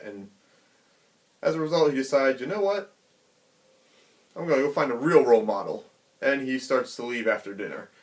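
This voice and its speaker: A man casually retelling a comic chapter in an animated, chatty way, acting out the characters' quotes. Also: medium pitch. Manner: animated, chatty, many fillers. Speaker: manga reviewer.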